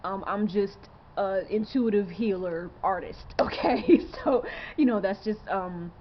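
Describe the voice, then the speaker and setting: A woman's voice: medium pitch, measured pace, dull audio, a little hiss or hum. Rambling young woman vlogging. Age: 20s. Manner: rambling, earnest, full of fillers and rhetorical questions. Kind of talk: casual to-camera monologue.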